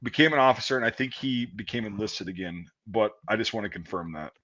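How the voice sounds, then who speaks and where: A man's voice: on the low side, fast, fairly bright tone. A man in his thirties telling profane, rambling army stories in casual chat. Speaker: podcast host. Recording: dull lo-fi audio.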